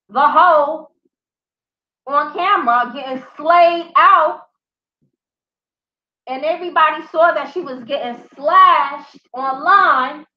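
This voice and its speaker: A young woman giving crude, profanity-filled commentary on a news story, telling it in an animated way. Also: sits high. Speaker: vlogger. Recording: roomy, slightly dull home recording.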